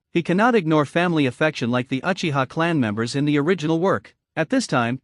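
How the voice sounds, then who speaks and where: Dry, higher-voiced male recap narrator. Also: no room sound.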